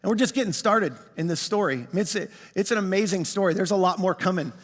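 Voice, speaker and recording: A middle-aged male pastor telling a story in a sermon, animated and self-mocking, then dropping into quiet reflection. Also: sits high, fast talker. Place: large church auditorium. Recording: long hall reverb.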